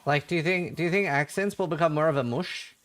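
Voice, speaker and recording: Male streamer, fairly high voice, loose rambling chat, laughs easily. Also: fast talker, fairly bright tone. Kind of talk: casual livestream chat.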